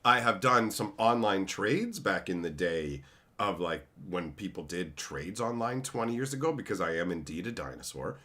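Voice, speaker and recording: Here the thirty-something streamer speaks in a low voice at normal speed, chatting casually. He stays animated, sarcastic and joking, breaking into funny voices along the way.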